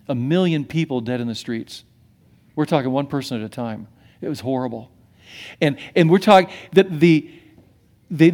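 A middle-aged man preaching a sermon as pastor, animated and swinging from hushed to emphatic, with many restarts. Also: fairly high pitch.

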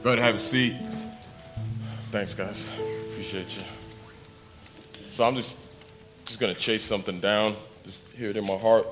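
A young man preaching casually to a congregation, telling stories with laughter and lively quoted voices. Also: on the low side, normal speed, long pauses, music in the background. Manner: casual, animated storytelling with laughs. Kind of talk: sermon with testimony.

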